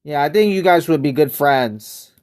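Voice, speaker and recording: A man's voice: on the high side, moderate pace, darkish tone. An American man chatting casually on a live game stream, greeting viewers by name and wandering through loose, rambling asides. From United States.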